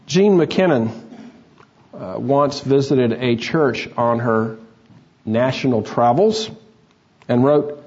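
A man preaching an expository sermon, explaining scripture in a measured, teacherly way. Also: mid-range voice, darkish tone, dull audio. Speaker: pastor.

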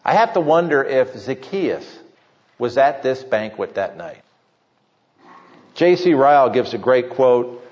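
A pastor delivering a sermon with emphatic preaching, slowing down to stress key points. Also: male voice, mid-range voice, very animated, darkish tone. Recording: muffled sound with long hall reverb.

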